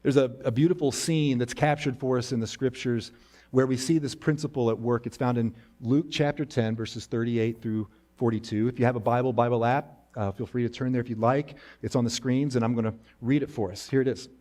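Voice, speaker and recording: A man preaching a sermon as a pastor, talking in a conversational way, rising into animated paraphrase and dropping soft and low on key lines. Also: brisk. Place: church sanctuary.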